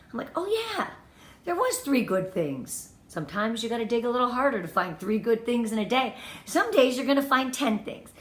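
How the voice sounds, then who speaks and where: A woman with a rather high voice leads a motivational training talk for her direct sales team, enthusiastic and emphatic. She counts off tips and repeats her key points, and the sound is roomy.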